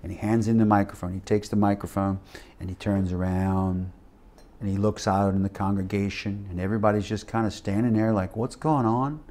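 A man in his fifties teaching a missions class, telling a personal testimony with animated, emphatic swells like a preacher. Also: fairly low pitch, brisk. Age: 50s.

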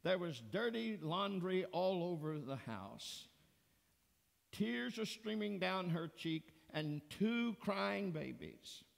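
A man preaching in a church sanctuary, his voice pitched somewhat high and carrying a gravelly edge. He takes his time, spacing his words slowly as he tells a story from the pulpit. A long church reverb trails each phrase. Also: expressive. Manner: slow, deliberate storytelling preacher. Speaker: pastor. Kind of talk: sermon.

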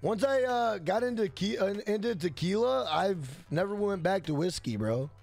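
A young man streaming a game, loud and brash, yelling and swearing as he answers his chat. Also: high voice, animated, normal speed, creaky, soft background music. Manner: loud, yells to be heard; brash and profane, reads chat aloud. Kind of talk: casual live-stream chat.

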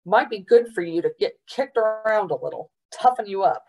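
A woman's voice: mid-range voice, expressive, moderate pace, darkish tone, distant mic, low-quality recording. A woman reading aloud voices a scornful adult woman prison guard who snaps dismissively at children. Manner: snapping, dismissive.

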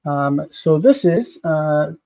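A man co-hosting a live online grammar lesson, explaining methodically with frequent pauses. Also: a little high, expressive, mellow. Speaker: co-host teaching Biblical Hebrew.

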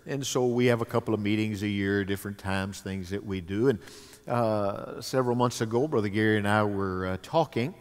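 Folksy pastor with hesitant "uh"s. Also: male voice, lowish voice. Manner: folksy, with many "uh" pauses and "amen". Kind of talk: stage interview. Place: church sanctuary. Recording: long reverb of a large hall.

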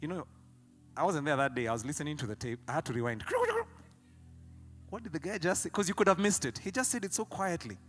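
A Kenyan pastor preaching with animated storytelling, his voice fairly high and very bright. He jumps from loud excitement to quiet, pointed emphasis. Faint music plays behind him. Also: quick pace. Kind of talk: sermon.

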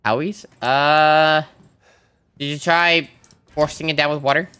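A young man chatting casually with a friend while playing a multiplayer game, blunt and cursing casually, firing off quick questions. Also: on the high side, steady tone, sharp tone, clear, resonant tone. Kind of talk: casual gaming voice chat.

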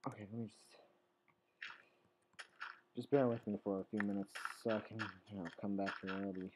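A young man talks his way through a game in a loose, goofy ramble, drifting into nonsense and back. His voice sits low and mellow. A faint hiss runs under the home recording. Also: fairly even intonation, brisk, poor audio. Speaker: gaming channel host. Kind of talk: rambling let's-play commentary.

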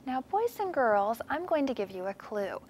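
A woman teacher in a classroom reading a storybook aloud to young children, with expressive sing-song delivery and questions to the class. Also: a little high, moderate pace. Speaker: preschool teacher.

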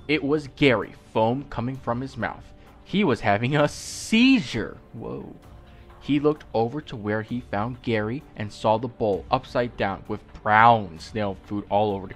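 A man reading a creepy fan story aloud, slowly, breaking off for joking asides and corrections. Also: medium pitch, fairly bright tone. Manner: slow, with asides and self-corrections. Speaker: creepypasta reader.

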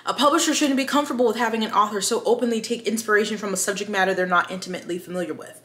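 A woman's voice: mid-range voice, very fast, fairly bright tone, reverberant. A woman hosting a book video, chatting casually in a rambling, self-aware way and reading from an article.

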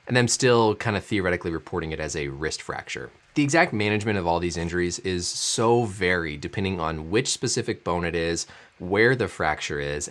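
A man who is a doctor, hosting a video and walking through a sports injury in a clear, enthusiastic explaining manner. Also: low-pitched, fairly bright tone.

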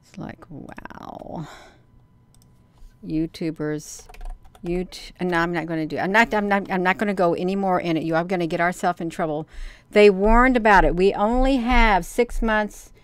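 A woman's voice: fairly low pitch, normal speed, smooth. Folksy rambling woman streamer. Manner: folksy, rambling, says "you all" and "honey". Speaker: livestream host. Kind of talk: casual livestream chat reading comments.

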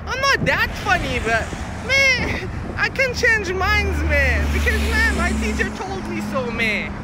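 Brief: man voicing a high-pitched, cocky, silly young guy. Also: sing-song, measured pace, a loud crowd, very noisy, full character voice. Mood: boastful. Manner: high, sing-song, says "man" after every phrase. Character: squeaky excitable young guy, boastful and goofy.

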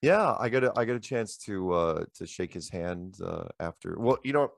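A middle-aged man hosting a show, telling rambling anecdotes in a casual, animated way into a handheld microphone. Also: low-pitched, moderate pace, vocal fry, no room sound, clean studio sound. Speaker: show host. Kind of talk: casual storytelling chat.

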